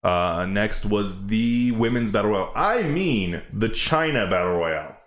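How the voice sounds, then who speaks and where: A man's voice: on the low side, expressive, a little slow, a bit bright. A man hosting a casual reaction chat, ranting and sarcastic. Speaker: host. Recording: roomy echo.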